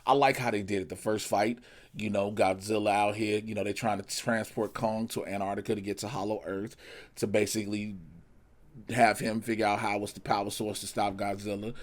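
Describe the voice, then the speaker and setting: A man giving a casual movie review in animated, profane, slangy talk. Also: on the low side, brisk.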